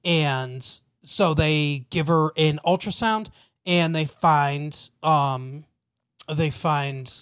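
A man telling a story in a loose, rambling way, his voice a little on the high side. He stumbles and restarts as he goes, and acts out the lines of the people in the story. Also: very slow, fairly bright tone, smooth. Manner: rambling, many restarts, acts out quoted lines, laughs often. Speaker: podcast co-host recapping a TV episode. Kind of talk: casual chat.

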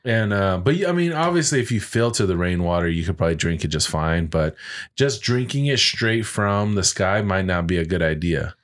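A man with a low voice and an American accent talks in an easygoing, rambling way. He co-hosts a casual podcast chat, with plenty of fillers, curse words and restarts. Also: lively intonation, moderate pace. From United States. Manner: rambling, profane, lots of fillers. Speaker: podcast co-host.

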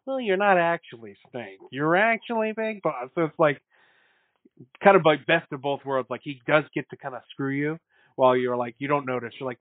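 A man with a medium-pitched voice co-hosts a casual podcast chat, telling stories animatedly, acting out quotes and breaking into bursts of laughter. The recording is dry, with a narrow, phone-like sound.

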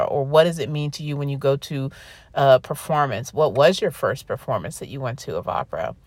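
Woman podcast host, classical singer; low-ish voice, dry close sound, emotional, chatty with restarts. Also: dry recording. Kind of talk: casual podcast talk with read-aloud quotes.

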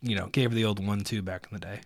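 A man's voice: lowish voice, steady tone, fast talker, gravelly, no room sound, studio quality. A man hosting a solo podcast from indoors, ranting in a profane, sarcastic, rambling way. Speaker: podcast host. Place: indoors by a window.

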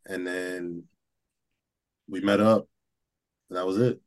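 A man's voice: low voice, little pitch movement, takes it slowly, a little mellow. A man, a band member, recounting things in an easygoing, plain-spoken way. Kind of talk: casual interview answers.

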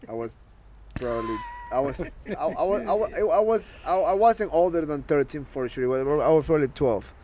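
A man's voice: a little high, expressive, fairly quick, a little mellow, slight background noise. Ecuadorian-born man telling stories. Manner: rambling anecdotes with frequent swearing. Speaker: podcast co-host. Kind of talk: casual chat.

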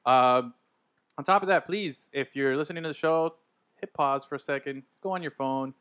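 A man's voice: on the high side, moderate pace, a bit bright, smooth. A man co-hosting a sports podcast in a loose, casual chat full of fillers and laughter. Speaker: podcast co-host.

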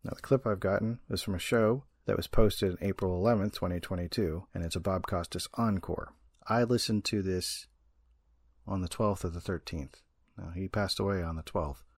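A podcast host with a low, gravelly and husky voice reads through a show description. The sound is dry and close. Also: male voice, moderate pace, dry recording. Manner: plain reading, with small fillers. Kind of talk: reading an episode description.

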